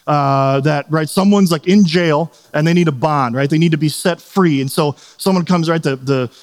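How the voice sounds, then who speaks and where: A middle-aged man preaching in a loose, conversational way, with a voice sitting a little high for a man. He keeps checking in with his listeners and slips into quick acted-out scenes. The sound carries a long, hall-like reverb. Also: a little mellow. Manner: conversational, asks "right?" often, acts out quotes. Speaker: pastor. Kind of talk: sermon.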